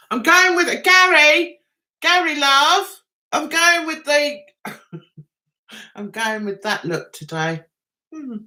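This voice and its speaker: Greeting viewers and reading their chat, a middle-aged livestream host stays chatty and self-deprecating, laughing often. She sounds high, bright and forceful.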